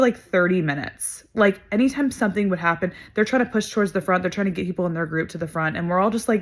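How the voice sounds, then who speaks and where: Young woman vlogger, slightly low voice, emphatic storyteller who swears and says "like" a lot. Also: fast talker, hardly any pauses. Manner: emphatic, swears freely, lots of fillers. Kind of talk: casual storytelling to camera.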